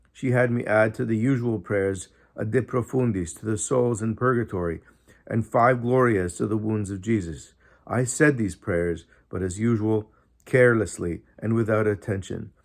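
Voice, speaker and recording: A man reading a diary aloud in an earnest, measured way, pausing often. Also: fairly low pitch. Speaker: audiobook reader. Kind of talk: scripted narration of a diary.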